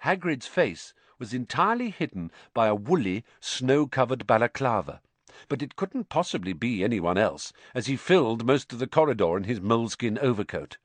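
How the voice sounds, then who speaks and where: A man narrating a story in an expressive reading voice, close to the mic. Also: mid-range voice, normal speed, dry recording. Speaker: audiobook narrator. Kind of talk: scripted narration.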